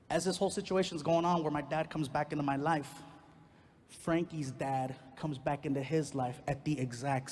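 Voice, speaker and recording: High-voiced animated male comedian. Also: long reverb tail. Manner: animated, acts out every voice. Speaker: stand-up comedian. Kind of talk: stand-up storytelling.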